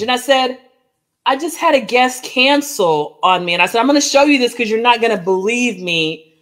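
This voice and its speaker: A woman co-hosting a podcast, telling a lively personal story in casual chat and acting out the dialogue as she goes. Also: fairly high pitch, fairly quick. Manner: animated storyteller, acts out dialogue, frequent "like" and "oh my gosh". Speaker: podcast co-host.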